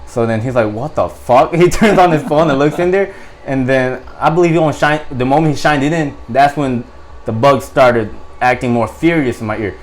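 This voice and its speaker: A young adult man, a Marine guest on a podcast, telling a story in casual, animated, profane talk full of fillers. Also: medium pitch, a little fast, a little hiss or hum.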